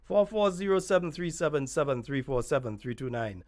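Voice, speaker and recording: Grenadian radio host, relaxed talk. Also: male voice, a little high, fairly quick. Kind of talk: casual call-in talk.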